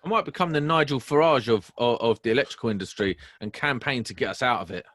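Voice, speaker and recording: A man's voice: medium pitch, fast talker, a bit bright. A man who jokes and teases in a casual podcast chat. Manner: joking, teasing.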